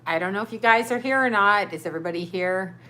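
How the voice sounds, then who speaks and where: A woman's voice: medium pitch, quick pace, pushed and bright. A woman hosting a casual livestream, rambling chattily and greeting viewers as she reads their comments aloud. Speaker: livestream host. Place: home.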